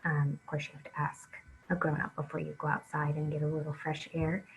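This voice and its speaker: A woman teaching an early reading lesson, reading aloud slowly and patiently for young children to follow along. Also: deep voice, monotone, slight background noise, poor audio.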